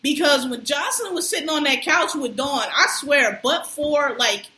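A woman's voice: high-pitched, moderate pace, pushed and bright. A woman in casual chat, telling a story animatedly, acting out what people said and laughing often. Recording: roomy echo.

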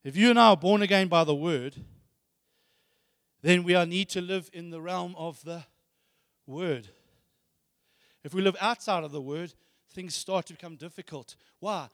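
A man preaches emphatically, repeating phrases and asking rhetorical questions. His voice sits very high and close to the mic, while a long hall reverb rings out around each phrase. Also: moderate pace, pauses often, fairly bright tone. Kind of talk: sermon.

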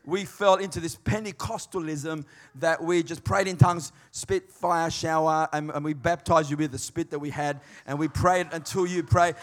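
A man preaching a sermon in a conversational, emphatic way, swinging between quiet and loud. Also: a little high, fairly even intonation, normal speed, hardly any pauses. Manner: conversational, emphatic, varied dynamics.

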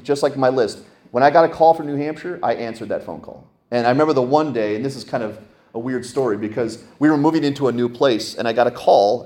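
A middle-aged male pastor preaching a sermon, telling stories with sudden jumps up in pitch for emphasis. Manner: animated storytelling, voice jumping up for emphasis.

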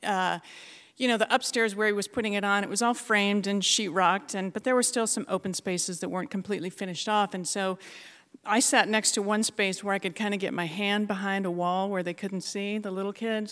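A middle-aged woman from Alaska telling a funny personal story to an audience in a lively, self-mocking way, laughing often. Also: medium pitch, a little fast. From Alaska, USA.

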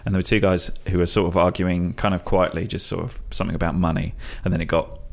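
Brief: very deep man with a gravelly voice, podcast co-host, measured and explanatory. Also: flat delivery. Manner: measured, explains things step by step. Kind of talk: casual chat.

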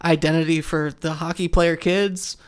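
A man's voice: on the high side, level tone, moderate pace, smooth. A man guesting on a podcast in a studio, chatting casually with dry, wry remarks.

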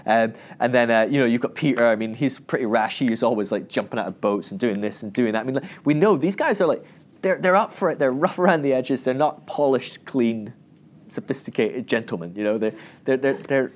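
A man giving a casual Bible teaching talk, rambling with restarts and acting out the people in the stories. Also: mid-range voice. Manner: animated storytelling, acting out quoted voices; rambling with many restarts and asides.

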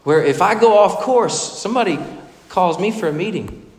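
Man, sermon, expressive preaching, fairly high voice, echoey hall reverb. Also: moderate pace. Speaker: pastor.

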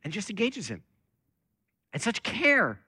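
Pastor guy preaching a sermon, bright lively voice, kinda high, dry close sound. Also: unhurried, husky, no echo. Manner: conversational, animated preaching with many fillers. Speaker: lead pastor.

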